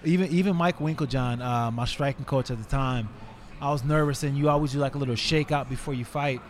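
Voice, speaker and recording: A man in his forties, a retired fighter, tells stories as a podcast guest in an animated, casual way, with many fillers. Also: medium pitch, a little fast. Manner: animated, filler-heavy, acts out scenes with raised voice. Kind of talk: casual storytelling in conversation.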